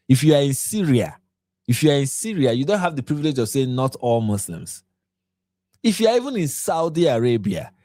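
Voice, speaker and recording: A man's voice: fairly high pitch, dark tone, no room sound, clean studio sound. A man from Nigeria hosting a late-night commentary livestream, tired and yawning, pressing his points with repeated rhetorical questions. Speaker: livestream host.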